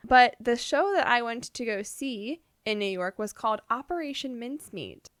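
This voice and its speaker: A woman's voice: fairly high pitch, lively intonation, normal speed, fairly bright tone, dry recording. Chatty young woman, very dry sound. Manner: chatty, rambling with many fillers and restarts. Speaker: podcast co-host. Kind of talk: casual chat.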